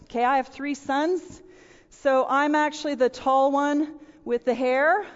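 A middle-aged woman delivers a storytelling sermon to a room full of listeners, acting out little voices and sound effects as she goes. Her voice sits high and she takes her time. The recording is dull, with a long reverb from a big hall. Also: steady tone, measured pace. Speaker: women's speaker. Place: large room with audience.

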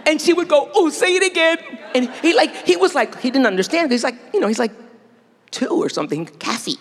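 Animated woman preaching in a large hall. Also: high voice, quick pace, husky. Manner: animated, laughing, playful asides. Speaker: speaker. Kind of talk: sermon. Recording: long hall reverb.

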